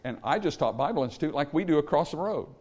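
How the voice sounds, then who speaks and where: A man preaching a Baptist sermon, emphatic, swinging between loud peaks and low trailing endings, calling for amens from the congregation. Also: lively intonation, fast talker. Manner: calls for amen from the congregation. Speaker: Baptist pastor.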